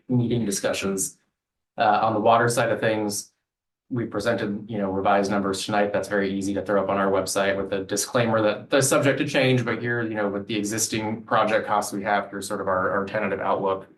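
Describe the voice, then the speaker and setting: A man on the city staff lays out plans at a council meeting in a measured, explanatory way. His voice is lowish and very flat in pitch. He sits at a distance from the microphone in an echoey chamber. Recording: roomy chamber, distant mic.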